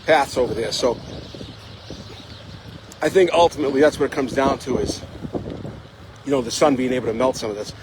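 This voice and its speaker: A man's voice: mid-range voice, brisk, long pauses. Man, casual vlog host, rambling, slightly breathless, outdoors on a bike, heavy wind noise. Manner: rambling, chatty, fills with "you know". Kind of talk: live-streamed casual chat while biking.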